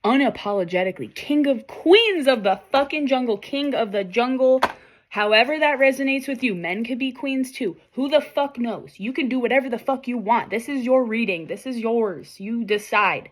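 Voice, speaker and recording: A young woman giving a casual, animated tarot reading straight to her viewers, swearing freely and talking directly to them. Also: on the high side, moderate pace. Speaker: tarot reader.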